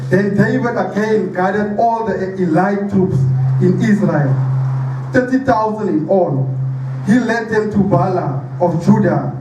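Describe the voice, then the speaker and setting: A man reads scripture aloud with plain, steady delivery and a fairly high voice. He sits far from the microphone in a roomy church hall with clear noise behind him. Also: measured pace. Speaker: scripture reader. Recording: echoey church hall, distant mic, background noise.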